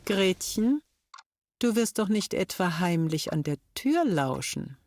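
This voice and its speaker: An actress voicing a playful, gently scolding middle-aged landlady in an 1899 detective game. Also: on the low side, big pitch swings, measured pace, dry recording. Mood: teasing. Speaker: game character.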